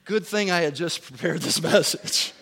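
A man in his forties, a pastor giving a sermon as an animated, joking storyteller. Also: on the high side, normal speed, creaky, husky. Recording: long hall reverb.

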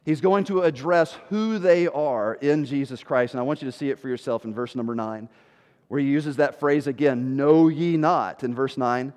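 A male pastor preaching a sermon with emphasis, dropping low and slow for scripture and rising loud to stress a point. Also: big-room sound.

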